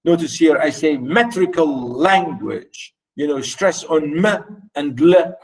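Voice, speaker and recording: A man whose first language is Arabic gives a university lecture, sitting a little high in pitch. He takes it very slowly, repeating points and turning to his students. The voice sounds somewhat distant from the microphone. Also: darkish tone. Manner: slow, repetitive, addresses students directly.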